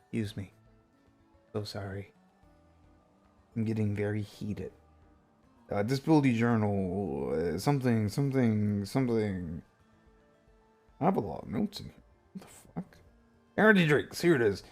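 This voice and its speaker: A man streamer ranting casually and heatedly with lots of swearing, jumping into high silly voices to mimic people. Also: big pitch swings, moderate pace, pauses often, faint music behind. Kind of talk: casual rant on a live stream.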